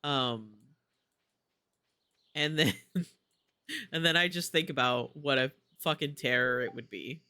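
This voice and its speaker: A man's voice: medium pitch, slow pace, pauses often, bright, forceful tone, smooth. A man streaming a game, chatting casually with playful, gushing asides. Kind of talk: casual gameplay commentary.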